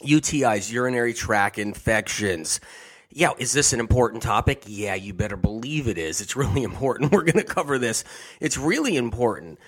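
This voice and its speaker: A man's voice: medium pitch, expressive, normal speed, breathy edge. A man hosting a health radio show, talking in a giggly, emphatic way and often repeating himself. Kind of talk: casual monologue on a health show.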